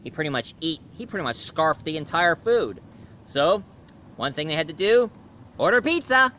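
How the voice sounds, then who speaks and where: Male reviewer, casual rambling retelling, bright clear tone, faint noise behind. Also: a little high, sing-song, moderate pace. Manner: rambling plot retelling with fillers. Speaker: cartoon reviewer.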